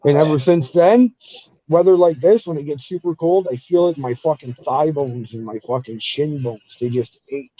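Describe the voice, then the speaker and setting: Swearing guy telling stories on a call, a bit high, dry muffled audio. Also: moderate pace, no echo. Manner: profane, storytelling. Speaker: podcast guest telling stories. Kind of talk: casual chat.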